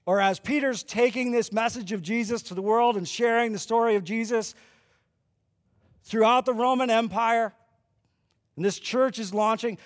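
A man preaching a sermon as a pastor, telling the story lively and acting out the lines people say. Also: sits high. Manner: animated storyteller who acts out quoted lines. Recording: long hall reverb.

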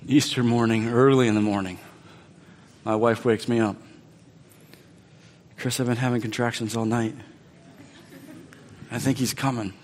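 A man preaching a sermon as pastor, telling a personal story and acting out the dialogue, swinging from loud to quiet. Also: medium pitch, steady tone, unhurried, long pauses. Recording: long reverb of a large hall.

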